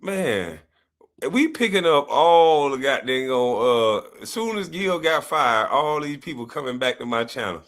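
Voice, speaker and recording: Guy hosting a livestream, loose joking banter, pitch all over the place. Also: measured pace. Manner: loose, animated, profane banter. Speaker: livestream host. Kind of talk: casual livestream chat.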